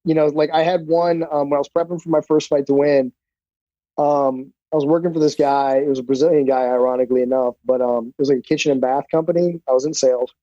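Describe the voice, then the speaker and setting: Profane, blunt middle-aged man, mellow tone. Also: fairly high pitch, fast talker, dry recording. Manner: profane, blunt, animated storyteller. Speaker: podcast guest, black belt instructor. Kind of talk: casual storytelling interview. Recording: dull, dry podcast audio.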